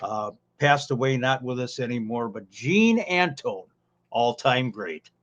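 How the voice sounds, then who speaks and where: A man swapping old stories on a podcast, taking his time and padding his lines with fillers and folksy asides. His voice sits at a middling pitch. The audio comes through a little dull and lo-fi. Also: expressive, a bit bright. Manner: unhurried storyteller with many fillers and folksy asides. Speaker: podcast co-host, former ring announcer. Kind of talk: casual podcast chat.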